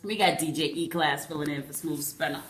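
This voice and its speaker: A woman's voice: sits low, a little fast, roomy sound. A woman hosting a radio show, teasing her co-host and introducing guests. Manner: teasing, laughs often. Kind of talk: casual radio chat.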